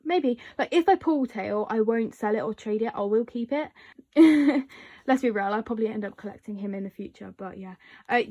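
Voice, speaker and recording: Showing her collection, this young woman vlogger keeps things chatty, often laughing and padding pauses with "um" and "like." Her pitch sits fairly high, with a mellow quality.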